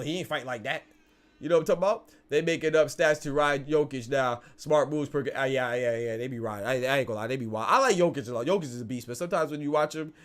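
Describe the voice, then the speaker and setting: A man hosting a casual live stream talks quickly. He keeps checking in with his viewers as he goes, and his voice sits at an average pitch. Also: fairly bright tone. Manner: chatty, tag questions, quick restarts. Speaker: boxing stream host.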